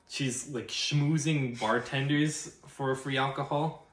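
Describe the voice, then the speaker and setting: A man's voice: lowish voice, lively intonation, normal speed, fairly bright tone. A man co-hosting a casual podcast, joking and teasing, a few drinks in. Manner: joking, teasing, a bit tipsy. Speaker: podcast co-host. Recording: roomy echo with faint background noise.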